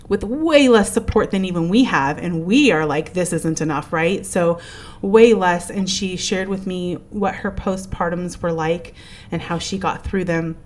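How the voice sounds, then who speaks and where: A woman in her thirties hosts a casual podcast chat, her voice sitting a little low. She tells personal stories in an earnest, emotional way, leaning on fillers as she goes. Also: normal speed. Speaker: podcast host.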